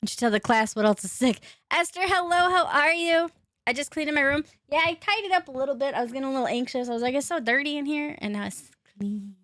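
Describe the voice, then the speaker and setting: A woman's voice: high-pitched, expressive, fast, fairly bright tone, dry recording, studio quality. A woman streaming a game, chatting casually with her viewers, greeting them by name, laughing often and swearing offhandedly. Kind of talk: casual live-stream chat while gaming. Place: her own room at home.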